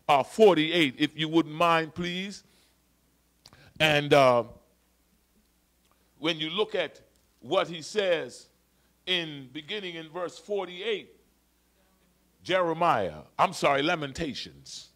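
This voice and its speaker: A male pastor preaching a sermon in a church, swinging between shouted declarations and low, quiet lines, and repeating key phrases for emphasis. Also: lively intonation, slow, pauses often. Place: church sanctuary.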